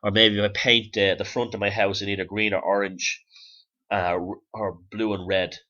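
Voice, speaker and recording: Rambling, profane man with a bright voice. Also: little pitch movement, moderate pace, muffled recording. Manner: rambling, profane, low-key. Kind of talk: rambling monologue.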